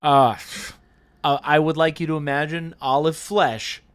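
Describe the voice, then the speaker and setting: A man's voice: on the high side, fairly even intonation, measured pace, clear, resonant tone. A man co-hosting a live painting stream, reading chat messages aloud in playful, goofy chat. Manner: playful, goofy, breaks into silly voices.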